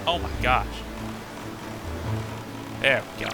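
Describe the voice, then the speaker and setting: A man's voice: on the high side, big pitch swings, moderate pace, pushed and bright, soft background music. A young man streaming a game, casually talking through his play with chatty, muttered asides. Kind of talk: casual live gameplay commentary.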